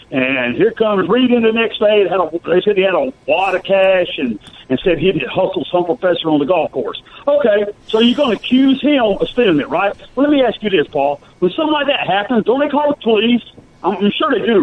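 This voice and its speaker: A man's voice: high-pitched, animated, fairly quick. A man calling into a sports radio show, arguing his point in an emphatic, insistent way and tossing in "okay" again and again. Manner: emphatic, argumentative, keeps saying "okay". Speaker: caller. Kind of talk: call-in radio talk. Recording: tinny phone line.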